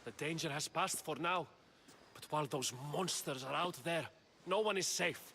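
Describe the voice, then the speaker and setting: A wary townsman from a video game, grave and earnest. His voice is bright, tense and gravelly, set back in a long reverberant space with some noise under it. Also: fairly high pitch, normal speed.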